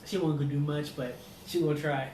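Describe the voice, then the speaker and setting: A man's voice: a little high, normal speed. A man co-hosting a podcast, telling a story casually, laughing and swearing a lot. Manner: animated, profane, laughing storyteller. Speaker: podcast co-host. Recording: roomy echo, distant mic, faint noise.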